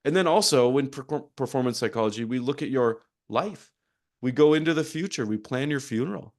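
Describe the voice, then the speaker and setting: Animated man telling coaching stories. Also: medium pitch, brisk. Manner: animated storytelling with acted-out quotes. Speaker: performance psychology coach. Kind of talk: conference session talk.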